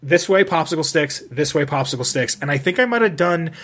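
A man's voice: a little high, expressive, brisk, a bit bright. A young man telling a rambling school story in casual chat, self-mocking, swearing and laughing often.

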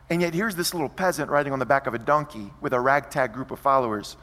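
A man preaching a sermon, telling a story with lively, vivid scene-setting. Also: medium pitch, fast talker, few pauses, big-room sound. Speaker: pastor.

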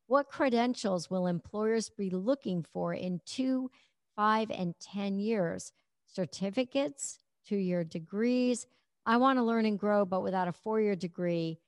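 A woman's voice: mid-range voice, darkish tone, no echo, clean studio sound. A woman hosting a session, chatting casually and reading audience questions aloud. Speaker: host moderating questions. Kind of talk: casual moderation.

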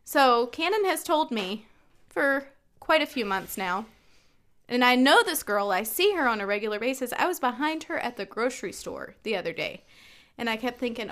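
A woman in her thirties with a fairly high voice co-hosts a casual podcast chat at a normal pace. She tells stories with lots of energy and acts out the quotes as she goes.

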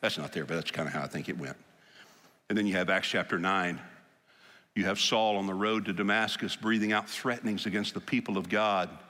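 Bright-voiced preacher in an echoing hall. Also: male voice, low-pitched, brisk. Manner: animated storytelling, acting out scripture quotes. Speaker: pastor. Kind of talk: sermon.

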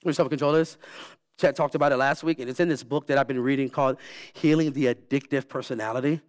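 A man preaching a sermon as pastor, animated and emphatic, repeating key words for effect. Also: medium pitch, fast. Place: church.

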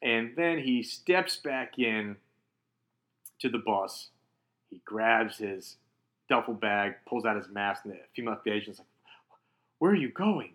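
Bright-voiced animated man. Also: on the low side, measured pace. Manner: animated, laughs often, acts out quotes. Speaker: podcast co-host. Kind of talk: casual chat, comic book review.

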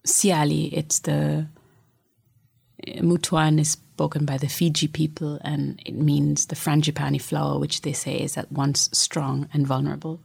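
A middle-aged woman telling a personal story in a casual, reflective way, often sinking into a soft whisper. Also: low voice, level tone, normal speed, creaky, breathy edge.

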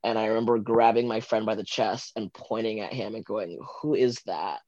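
A man's voice: fairly low pitch, a little fast, no echo. Chatty man with a dull, dry sound. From Los Angeles, USA. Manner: chatty, rambling, many fillers like "like" and "um"; giggly, animated when retelling moments. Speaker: podcast guest. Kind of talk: casual storytelling interview.

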